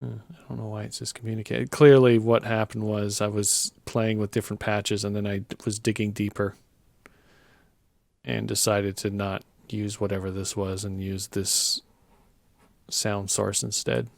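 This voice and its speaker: Low gravelly man thinking aloud. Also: normal speed, no echo. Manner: relaxed, thinking aloud with fillers and self-corrections. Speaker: music producer. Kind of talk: casual screen walkthrough. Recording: music playing underneath. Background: music.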